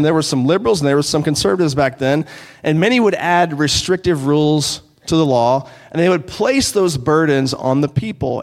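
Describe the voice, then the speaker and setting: A man preaching a sermon as pastor, in an earnest, conversational way, slowing down to read scripture. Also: a little high. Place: church sanctuary. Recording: long hall reverb.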